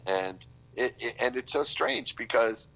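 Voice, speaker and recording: A bright-toned older man from Boston talks in a loose, rambling way, full of restarts and quick jokes. He chats casually as a guest on a remote call. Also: medium pitch, poor audio. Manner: rambling, joking, many restarts. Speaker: author guest. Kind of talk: casual podcast chat.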